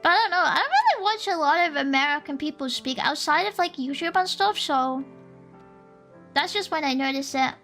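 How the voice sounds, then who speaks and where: A woman's voice: high voice, animated, a little fast, a bit bright. A woman chatting on a stream in a teasing, joking way, laughing often. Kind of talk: casual stream chat. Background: faint lo-fi music.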